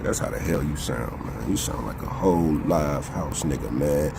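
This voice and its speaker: A man's voice: extremely low pitch, expressive, moderate pace, gravelly, very noisy. A man co-hosting a podcast, ranting in a profane, confrontational, emphatic way. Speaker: podcast co-host. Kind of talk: heated casual commentary.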